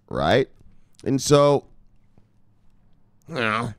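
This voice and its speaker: A man's voice: mid-range voice, very slow, gravelly, pauses often, no room sound, studio quality. A man hosting a crypto news show, reading headlines and riffing on them in a casual, joking, profane way. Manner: animated, profane, joking asides, reads headlines then riffs.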